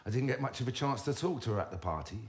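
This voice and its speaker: Wry, animated storyteller, man. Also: medium pitch, rapid-fire. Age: 50s. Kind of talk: comic autobiographical storytelling.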